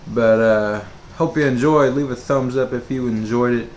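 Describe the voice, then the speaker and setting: A vlogger tells a storytime monologue in a mellow, medium-pitched voice at a moderate pace, rambling with lots of fillers and restarts. The recording has a roomy echo and faint background noise.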